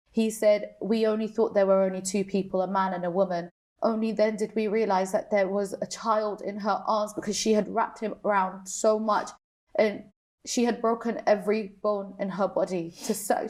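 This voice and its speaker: Halting woman sharing a loss. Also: mid-range voice, a little mellow. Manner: emotional, halting, repeats herself. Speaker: panel guest. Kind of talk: personal testimony on a panel.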